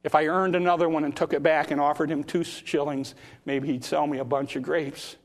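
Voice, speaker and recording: A man voicing a poor single mother pleading softly for grapes for her sick child. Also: on the high side, flat delivery, fairly quick, close to an everyday voice.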